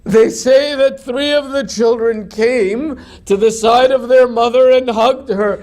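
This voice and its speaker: A man's voice: extremely high pitch, fairly even intonation, measured pace, a little mellow. A man delivering an impassioned, grief-laden sermon as a religious lecturer. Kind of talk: mourning sermon narration.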